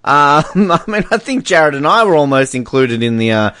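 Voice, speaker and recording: A man's voice: on the high side, sing-song, normal speed, a bit bright, smooth, no room sound, studio quality. A man from Australia casually reading sports results on a podcast. He jokes, laughs often and stumbles over foreign names. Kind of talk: casual chat.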